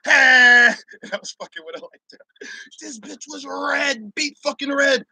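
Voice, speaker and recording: Male host, high and sharp-toned, profane laughing rant, dry mic. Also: measured pace, gravelly, dry recording. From Barbados. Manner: loud, profane, laughing, mocks others in shouted voices. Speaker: show host. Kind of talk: ranting opinion monologue.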